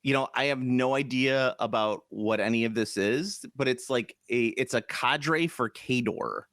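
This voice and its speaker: A man co-hosting a podcast in casual chat, animated and jokey. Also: medium pitch, unhurried, no room sound, clean studio sound. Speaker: podcast co-host.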